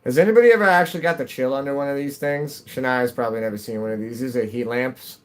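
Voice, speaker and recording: A man's voice: medium pitch, fast. A middle-aged man chatting casually while streaming a game at home, rambling and restarting, his nose a little stuffy. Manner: rambling, self-interrupting, chatty. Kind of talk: casual chat while gaming.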